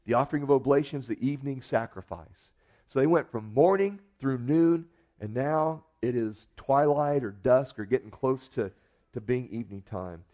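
A man preaching a sermon at an ordinary pitch, talking to the congregation with a wry, joking edge. The recording sounds dull and lo-fi. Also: moderate pace. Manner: conversational preaching with wry humor. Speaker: pastor.

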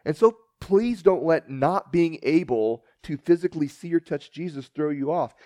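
A man preaching a sermon, retelling scripture as a story and acting out the dialogue with big swings in pitch and loudness. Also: lively intonation, normal speed, dry recording. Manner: storytelling, acts out the dialogue with shifting pitch and volume.

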